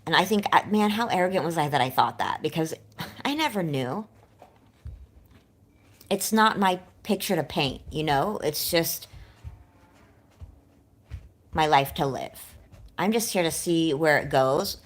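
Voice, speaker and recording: A woman's voice: deep voice, lively intonation, unhurried, pauses often. Nervous rambling woman with a slight lisp. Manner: rambling, self-doubting, nervous. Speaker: livestreamer. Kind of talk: candid livestream chat.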